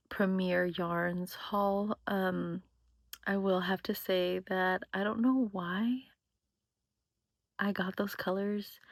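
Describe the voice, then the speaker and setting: Slow-talking, chatty woman crochet vlogger. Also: mid-range voice, no echo. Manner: chatty, rambling, self-deprecating. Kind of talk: casual chat.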